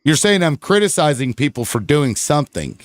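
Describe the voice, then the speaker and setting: A man's voice: fairly high pitch, sing-song, a little fast, dry recording, studio quality. A man on a political panel talking in a rambling, profane way. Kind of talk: casual political panel chat.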